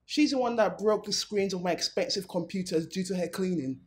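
A woman's voice: medium pitch, brisk, natural voice. An actress with a Nigerian accent playing a haughty, rich young woman who scolds her staff with demands. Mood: defiant. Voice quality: scolding, demanding, rising to shouts. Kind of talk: Nollywood film acting.

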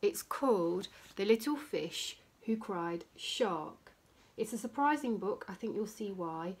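Husky-voiced teacher reading aloud. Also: female voice, medium pitch, animated, unhurried. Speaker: primary school teacher. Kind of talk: reading a rhyming picture book aloud.

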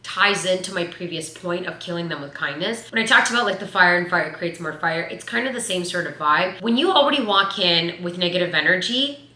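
A woman in her twenties giving casual life advice in a vlog, chatty and animated, with lots of "like". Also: fairly low pitch, brisk, few pauses. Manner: chatty, animated, says "like" a lot. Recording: echoey room.

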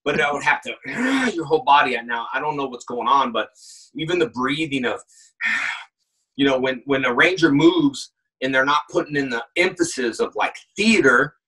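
A man in casual chat as a guest actor, telling animated stories and acting out shouts and quoted lines, heard over a call. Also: medium pitch, moderate pace, husky, far from the mic, low-quality recording. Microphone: phone call.

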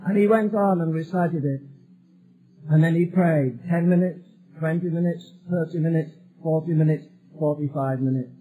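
A man's voice: on the high side, moderate pace, phone-quality sound. A male preacher delivering a sermon emphatically, building repeated phrases toward a climax.

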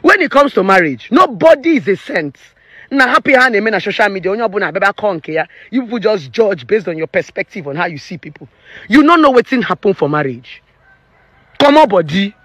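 A relationship therapist in her thirties with a Nigerian accent rants in a vlog, sharing her opinions in a preachy, emphatic way and slipping into Pidgin. Her medium-pitched voice is sing-song, a bit bright, and a little fast, in a dry recording.

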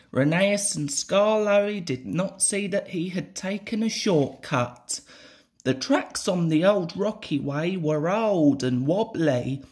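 A man reads a children's storybook aloud in an expressive, sing-song way. His pitch swings widely, and he takes the sentences slowly and deliberately. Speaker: storybook reader. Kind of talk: reading a children's picture book aloud.

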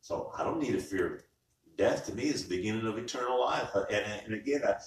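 Lower-voiced preacher in an echoey sanctuary. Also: male voice, animated, fairly quick. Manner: conversational preaching with repeated word restarts. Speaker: pastor. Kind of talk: sermon. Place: church sanctuary. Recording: far-off mic in echoey church.

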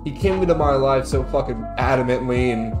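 A commentary YouTuber rips into a video with sarcastic, profane humor, ranting in mock outrage and feigned awe. His medium-pitched voice moves briskly, and the room sounds echoey, with music playing underneath.

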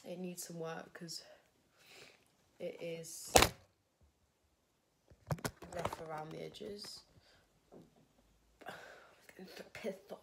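A woman's voice: on the low side, fairly even intonation, takes it slowly, creaky, long pauses, very noisy. A young woman, a fashion design student, chatting casually and thinking aloud while she works on a project, often poking fun at herself. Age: young adult. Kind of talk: casual vlog narration while crafting.

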